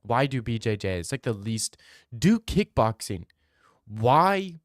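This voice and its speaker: A man's voice: medium pitch, big pitch swings, slow pace, no echo, studio quality. A young man streaming, chatting casually as he reads his live chat, rambling and opinionated, repeating himself.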